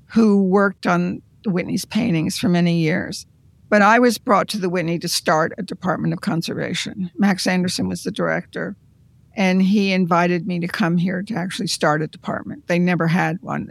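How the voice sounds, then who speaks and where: An art conservator recounting their career in an interview, in a measured, reflective storytelling manner. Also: mid-range voice, vocal fry, no room sound.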